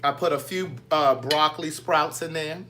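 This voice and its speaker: Man, bright tense tone, slightly high voice, playful, casual kitchen chat. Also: steady tone, normal speed, slight background noise. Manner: chatty, playful, answers viewer comments. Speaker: vlogger. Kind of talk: casual live chat with viewers. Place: home kitchen.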